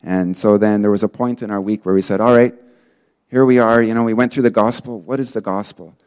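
A man delivers a sermon in an earnest, rambling manner. He leans on fillers and restarts as he talks. His voice sits fairly low. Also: steady tone, fast talker, a little mellow. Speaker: pastor.

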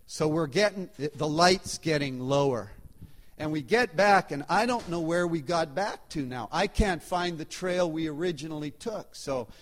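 A man telling a personal anecdote to a live audience in a chatty, animated way, his loudness shifting as he goes. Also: a little high, normal speed. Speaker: storyteller.

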